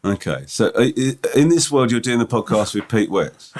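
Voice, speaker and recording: A man co-hosting a podcast in casual chat, who reads listener emails aloud and tells self-mocking stories with halting restarts. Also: medium pitch, expressive, darkish tone. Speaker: podcast co-host.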